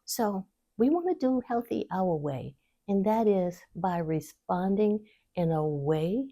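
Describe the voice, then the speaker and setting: Encouraging woman host with a mellow voice. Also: a little slow. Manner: warm encouraging teaching, lively pitch swings, laughs easily. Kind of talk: faith-based wellness talk to camera.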